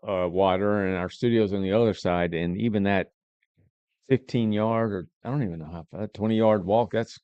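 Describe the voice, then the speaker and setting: A man's voice: on the low side, moderate pace, warm tone, clear, resonant tone, dry recording, muffled recording. A man hosting a live local talk show, easygoing and rambling. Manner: easygoing, rambling, restarts often. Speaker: host.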